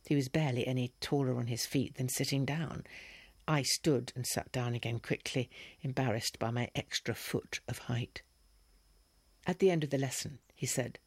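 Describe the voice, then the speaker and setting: A man's voice: mid-range voice, creaky, breathy edge, no echo. Man reading a story, dry sound. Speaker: audiobook reader. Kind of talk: scripted first-person narration.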